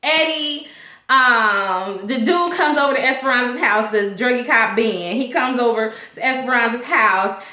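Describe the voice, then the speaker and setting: A woman casually recapping a TV episode, slangy and animated, laughing and acting out the characters' lines. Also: on the high side, measured pace. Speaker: TV episode reviewer. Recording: echoey room.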